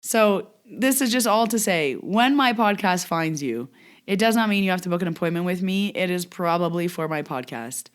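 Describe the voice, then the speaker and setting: A woman's voice: lowish voice, lively intonation, normal speed, clear, resonant tone. A woman hosting her own podcast, casually telling a story about a client in a chatty way, full of fillers, and acting out what people said. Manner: chatty, filler-heavy, acts out quoted dialogue. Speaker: podcast host and Reiki practitioner. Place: lives in a Canadian mountain town.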